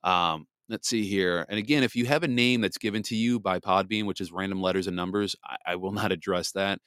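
A man's voice: sits low, a little fast, a bit bright, smooth, no echo, studio quality. A man hosting a live podcast in a rambling, chatty way, greeting listeners by name. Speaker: podcast host. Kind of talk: casual live podcast chat.

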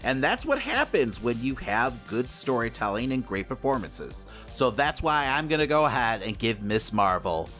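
A man's voice: mid-range voice, big pitch swings, moderate pace, few pauses, a bit bright, soft background music. A man co-hosting a pop-culture podcast, talking casually and leaning heavily on "you know" and "like". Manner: chatty, lots of "you know" and "like" fillers. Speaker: podcast co-host.

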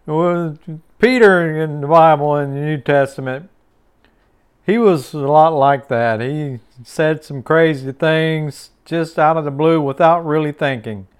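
Male devotional host, folksy, chuckling, unhurried, smooth clear voice. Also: fairly high pitch, steady tone. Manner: folksy and repetitive, chuckles often. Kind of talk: short radio-style devotional sermon.

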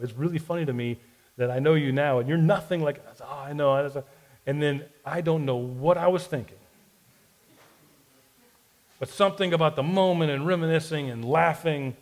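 A man's voice: mid-range voice, poor audio. A man in his forties telling a self-deprecating personal story in a sermon-style podcast, with a Southern US accent. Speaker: pastor.

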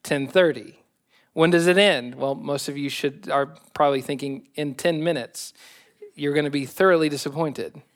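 A man's voice: sits high, fairly bright tone. A male pastor delivering a sermon with self-deprecating humor.

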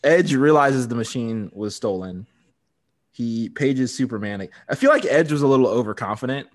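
A man's voice: medium pitch, expressive, moderate pace. Male podcast co-host, casual recap, easy laughter. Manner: recaps the plot, laughs often. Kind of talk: casual chat, episode recap.

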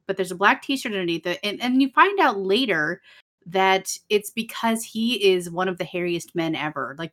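A woman's voice: medium pitch, sharp tone. A young woman co-hosting a casual podcast, wryly describing costumes with sarcastic asides and frequent laughs. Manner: wry, sarcastic, laughs often. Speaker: podcast co-host. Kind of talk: casual chat recapping an episode.

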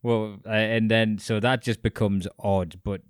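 A man chatting casually as a podcast co-host, telling a story with animated asides and casual swearing. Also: lowish voice, a little slow, clean tone, dry recording, clean studio sound. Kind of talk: casual chat.

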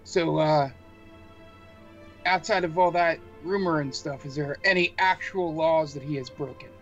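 A man's voice: a little high, a little slow, a bit bright. A man voicing a commanding, horned, eye-patched devil lord in a tabletop game, speaking in a drawling manner. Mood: probing. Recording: dull muffled sound with faint music.

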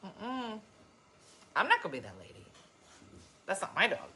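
A woman vlogger chatting casually to her viewers and reading their comments, telling stories with emphatic, animated delivery. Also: medium pitch, normal speed, slight background noise.

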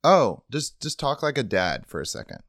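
A man's voice: mid-range voice, wildly swooping pitch, normal speed, fairly bright tone, dry recording. A man co-hosting a comedy podcast, shooting down ideas in a dry, firm, wry way. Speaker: podcast co-host.

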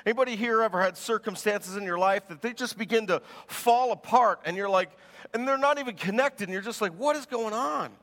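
A man preaching a sermon as pastor, telling stories in an animated way and laughing as he goes. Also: high-pitched, a little fast, long reverb tail.

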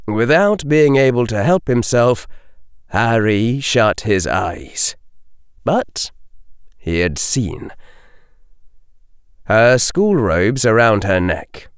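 A man narrating an audiobook in a slow, measured and expressive way. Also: medium pitch, clear, resonant tone, no echo, clean studio sound. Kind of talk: scripted narration.

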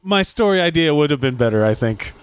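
A man's voice: fairly high pitch, expressive, brisk, clean tone. A man co-hosting a podcast, chatting casually and joking with loose restarts and swearing while watching a film. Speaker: podcast co-host.

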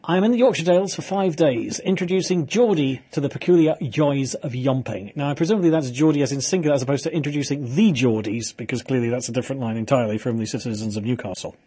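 A man hosts a talk radio show from the studio. His voice is slightly husky, and his talk runs chatty, wry and teasing as he banters with callers and co-hosts. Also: mid-range voice, quick pace, hardly any pauses, warm tone. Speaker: radio presenter.

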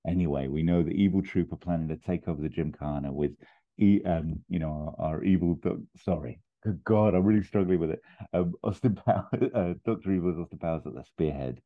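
A man casually pitching a comedy plot, rambling and chuckling with quick put-on voices. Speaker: podcast host pitching a film plot. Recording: tinny phone-like line.

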